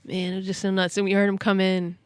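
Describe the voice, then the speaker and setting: A woman hosting a podcast, telling a story in casual chat, excitable and quick to laugh. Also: mid-range voice, smooth, no echo, clean studio sound. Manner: excitable, laughs often, many "like" fillers. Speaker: podcast host.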